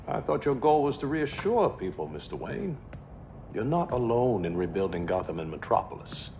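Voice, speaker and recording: A sensible business advisor with a mid-pitched voice that moves a lot as he persuades. A faint low rumble sits behind him. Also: very animated, creaky, darkish tone. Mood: earnest. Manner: measured, persuasive advice.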